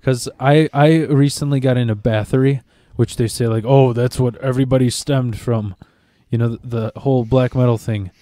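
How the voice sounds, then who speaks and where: A man's voice: mid-range voice, steady tone, normal speed, few pauses, mellow, no room sound, studio quality. A young man co-hosting a casual podcast, rambling with many restarts as he jumps between topics. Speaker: podcast co-host. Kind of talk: casual banter.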